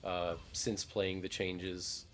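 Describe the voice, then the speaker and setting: Laid-back, low-voiced male game streamer. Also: flat delivery, takes it slowly, a little hiss or hum. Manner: laid-back, joking, profane. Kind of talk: casual gameplay commentary.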